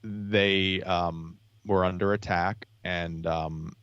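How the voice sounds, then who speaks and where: A man's voice: sits low, steady tone, slow pace, a bit bright, clean tone, no room sound. A man, a podcast guest, chatting casually and circling back with many restarts and fillers. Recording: dull lo-fi sound, dry.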